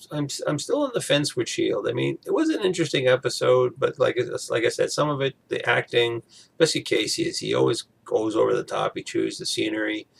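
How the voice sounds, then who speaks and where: A man's voice: on the low side, creaky. A man recapping a TV episode in a casual, rambling way, full of fillers. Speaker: TV episode reviewer.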